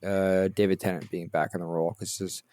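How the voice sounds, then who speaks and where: A man's voice: deep voice, little pitch movement, fairly quick, a little mellow, dry recording. A man hosting a podcast, leading casual chat with jokey, self-deprecating banter. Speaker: podcast host.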